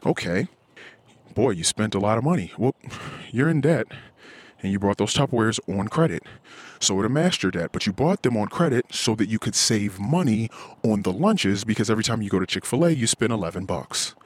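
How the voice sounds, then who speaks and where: A man in his thirties hosting a podcast, venting in a frustrated, profane monologue and mimicking others in a high voice. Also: animated, brisk, husky. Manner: frustrated, ranting, swears often. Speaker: podcast host.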